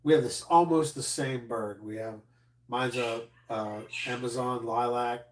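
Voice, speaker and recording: A man's voice: medium pitch, fairly even intonation, measured pace, far from the mic. A man, a comedian, in casual live-stream banter in a home studio room, rambling and joking. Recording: echoey room, voice off-mic.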